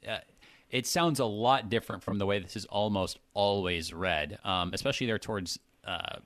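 A man reading a Bible passage with deliberate emphasis, then discussing it casually with fillers and restarts. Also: lowish voice, a bit bright, no room sound. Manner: reads slowly with strong emphasis, then chats with fillers and restarts. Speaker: host reading and discussing scripture.

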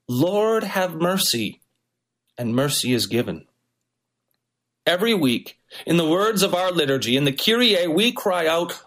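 A man's voice: fairly high pitch, fairly bright tone. A male pastor delivering a sermon, preaching with varied, emphatic intonation.

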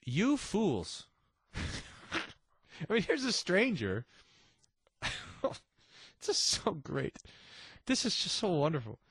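A man with a husky, somewhat high voice teaches a Bible passage conversationally. His pitch swings widely as he drops chuckling, delighted asides. The sound is close and dry. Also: huge pitch swings, slow, pauses often, fairly bright tone, dry recording.

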